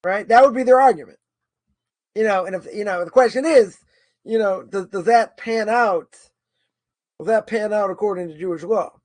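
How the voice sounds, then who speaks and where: Male teacher, high voice, dry close sound, informal lecture that thinks aloud and keeps asking "right?". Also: moderate pace, pauses often, a little mellow, dry recording. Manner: thinking aloud, argues both sides, many repetitions and "right?". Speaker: Torah course teacher. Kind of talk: informal lecture answering a question.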